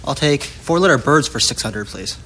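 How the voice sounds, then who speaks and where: A man's voice: mid-range voice, animated, moderate pace, pushed and bright, a little hiss or hum. A man competing on a quiz show, giving short, matter-of-fact answers and picking categories.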